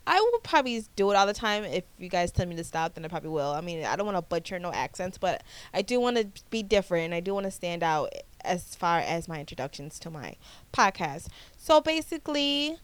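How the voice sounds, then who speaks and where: A woman in her twenties from the United States, hosting her own podcast in a casual, animated chat with frequent restarts. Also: on the low side, fairly quick, clear, resonant tone, no echo. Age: 20s. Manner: chatty, animated, repeats herself and restarts often. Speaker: podcast host.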